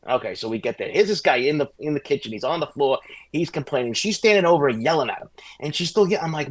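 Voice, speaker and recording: Fast-talking middle-aged ex-cop storyteller. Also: male voice, a little high. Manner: fast, animated anecdotes with restarts. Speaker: guest, former police sergeant. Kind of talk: casual podcast storytelling.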